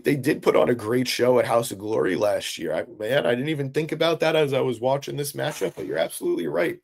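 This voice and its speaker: A man's voice: mid-range voice, vocal fry, a little mellow. A man hosting a live-stream recap, talking casually and with enthusiasm, answering chat with lots of fillers. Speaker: wrestling recap host.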